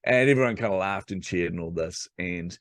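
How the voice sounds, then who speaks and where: A man with a low, deep voice, a podcast guest from New Zealand telling a story from his childhood. He talks in a lively, conversational way and acts out the voices of the people he quotes. The sound is dry and close to the mic. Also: a little fast, no room sound.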